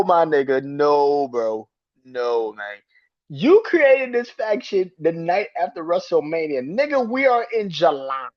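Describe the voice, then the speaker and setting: A man's voice: fairly high pitch, sing-song, takes it slowly. A man hosting a podcast, ranting about wrestling in a profane, exasperated way and laughing in disbelief. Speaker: podcast host. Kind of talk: heated rant about wrestling. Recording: dull lo-fi recording.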